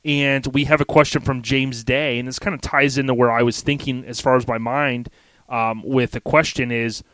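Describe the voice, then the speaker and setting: A man's voice: medium pitch, fairly even intonation, moderate pace, fairly bright tone, no echo. A man in his forties hosting a podcast, talking in a laid-back, slangy way and laughing often. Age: 40s. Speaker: podcast host. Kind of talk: casual podcast chat.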